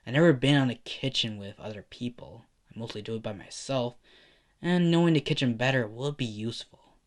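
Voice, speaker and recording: A man voicing a mild teenage boy in an amateur fan story, hesitant and halting in speech. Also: mid-range voice, lightly acted.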